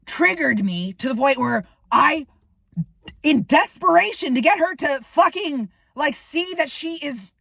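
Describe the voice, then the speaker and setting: A woman's voice: high-pitched, animated, unhurried, vocal fry, fairly bright tone, dry recording. A woman venting to camera, ranting in heated, profane bursts about a falling-out. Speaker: vlogger. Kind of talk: angry personal venting to camera.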